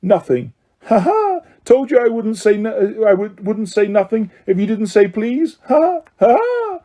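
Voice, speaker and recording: A man's voice: high voice, sing-song, a little slow, mellow, pitched above the performer's own voice, heavily acted. A man voicing a mischievous male poltergeist who taunts in a cackling sing-song voice. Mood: gleeful taunting.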